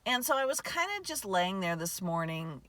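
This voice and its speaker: A woman speaks in a reflective spiritual monologue, her voice rising and falling in wide, animated swings. She meanders, restarts her sentences and breaks into little laughs as she talks outdoors in a remote spot. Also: medium pitch, normal speed, no echo. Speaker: podcast host.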